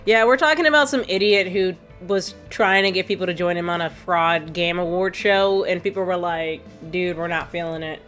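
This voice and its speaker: A woman's voice: lowish voice, normal speed, hardly any pauses, fairly bright tone, faint music behind. Chatty, sarcastic woman game streamer. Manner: chatty, rambling, laughs often, sarcastic. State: tired. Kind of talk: casual live-stream chat while playing.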